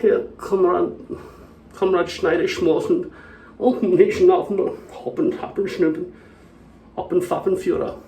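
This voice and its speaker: A man's voice: high-pitched, steady tone, takes it slowly, gravelly, few pauses, a little hiss or hum, pitched above the performer's own voice, heavily acted. A man putting on a clumsy mock German accent, babbling made-up German-sounding words. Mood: blustering. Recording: echoey room, mic at a distance.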